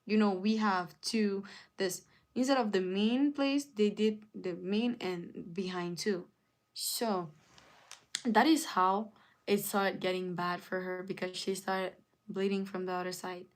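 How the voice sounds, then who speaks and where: A woman at an ordinary middle pitch, talking loosely to her live chat. She strings the story together with lots of "like" and "and then", and slips in quick lines for each side as she retells it. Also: steady tone. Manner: rambling retelling, acts out both sides with "she's like". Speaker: streamer.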